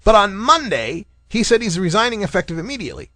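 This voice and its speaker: A man's voice: high-pitched, big pitch swings, fast talker, fairly bright tone, no room sound. A man hosting a casual cannabis talk radio show, rambling and jokey, laughing often. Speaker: podcast host.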